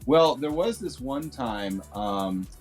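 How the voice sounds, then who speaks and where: A man's voice: mid-range voice, slow, over music. A man co-hosting a casual stream chat, telling stories with frequent laughter. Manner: animated storyteller, laughs often. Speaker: co-host and DJ.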